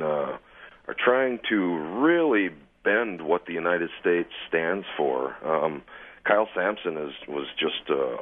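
Guy calling in to radio, low voice, rambly and fed up, phone line sound. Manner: indignant, rambling with fillers. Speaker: caller. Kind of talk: call-in comment.

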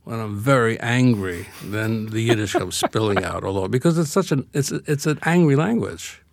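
A man's voice: lowish voice, lively intonation, moderate pace, vocal fry, dry recording. An older man from Brooklyn talks with a wry, reflective humor as an interview guest. The sound is dry and close to the mic. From Brooklyn, USA. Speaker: guest author. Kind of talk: casual interview conversation.

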